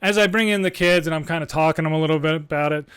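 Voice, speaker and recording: A man's voice: a little high, rapid-fire, clear, resonant tone, no echo, clean studio sound. Resonant-voiced man ranting as podcast host. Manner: animated, sarcastic, swears when riled.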